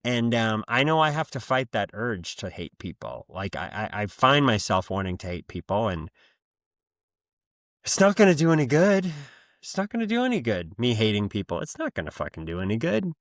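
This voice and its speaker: A man's voice: mid-range voice, big pitch swings, normal speed, dry recording, clean studio sound. A man hosting his own podcast in a casual, rambling monologue, blunt and freely profane. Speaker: podcast host.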